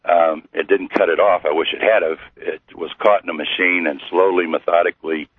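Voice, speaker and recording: A middle-aged man from Missouri, a guest telling his story slowly with many pauses and fillers. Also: sits low, steady tone, slightly rough, no echo. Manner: slow, halting with many fillers. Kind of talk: storytelling interview. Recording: tinny phone-like radio line.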